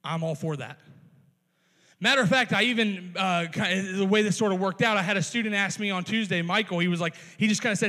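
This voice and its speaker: A man with a very high voice preaches a sermon, and the sound carries a long reverb off a big church sanctuary. As a youth pastor he talks casually and tosses in playful asides. He often restarts his sentences. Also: a little fast, bright, forceful tone. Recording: long reverb of a large hall.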